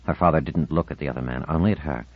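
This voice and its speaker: A man reading a novel aloud as an audiobook narrator, in a measured, expressive reading. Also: very deep voice, no room sound. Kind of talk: scripted narration. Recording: dull, dry studio recording.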